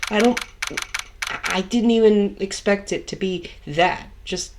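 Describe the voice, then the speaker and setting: A woman's voice: medium pitch, unhurried, background noise. A woman hosting a game let's play, talking casually with frequent hesitations and fillers. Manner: hesitant with many fillers in the quiet intro, upbeat greeting after. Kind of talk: gameplay commentary. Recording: loud game music behind.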